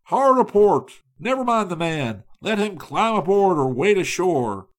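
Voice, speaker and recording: A man voicing a commanding male raft captain who shouts his orders. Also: fairly high pitch, big pitch swings, measured pace, pitched above the performer's own voice. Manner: barked commands, loud and raised.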